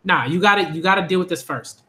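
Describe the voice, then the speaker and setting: Excitable high-voiced man reacting to manga. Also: quick pace. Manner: excitable, repeats phrases, laughs often. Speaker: manga reviewer. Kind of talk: live reading reaction commentary.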